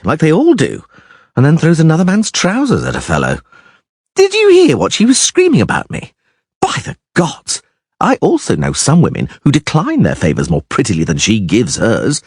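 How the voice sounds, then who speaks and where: A man voicing a vain, flamboyant young troubadour who talks excitably and theatrically, pitched well above his own voice. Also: moderate pace, husky, no echo, clean studio sound, exaggerated voice. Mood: exasperated.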